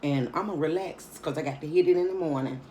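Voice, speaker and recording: A tired woman eats on camera for her mukbang vlog, talking casually and directly to viewers in a laid-back, chatty way. She speaks fast in a deep, warm voice, with slight background noise.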